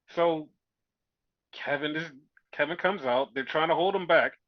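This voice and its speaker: With a fairly high pitch and a somewhat slow delivery, a man recaps a show for a podcast he co-hosts. The recording is dull, dry, and echo-free, and his talk is rambling and profane, full of performed quotes.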